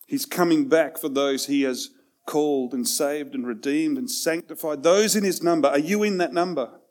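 A man preaching a sermon in a conversational way, with self-deprecating asides, swinging between loud and hushed passages. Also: on the high side, normal speed. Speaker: pastor.

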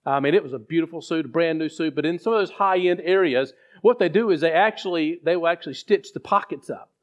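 Halting male pastor preaching. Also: fairly high pitch, highs cut off. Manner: halting storyteller with many restarts. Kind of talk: sermon with personal story.

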